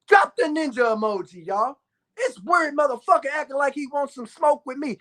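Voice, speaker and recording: A man in his thirties delivering a loud, profane ranting monologue to his viewers, with bursts of shouting. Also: very high voice, lively intonation, moderate pace. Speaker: vlogger.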